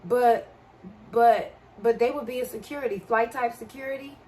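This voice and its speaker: A woman's voice: a little high, moderate pace, warm tone, slight background noise. Chatty young woman with a DMV accent. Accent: DMV (Washington, D.C. area) American. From American. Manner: chatty, reads and answers chat comments. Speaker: livestreamer. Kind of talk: casual live-stream chat.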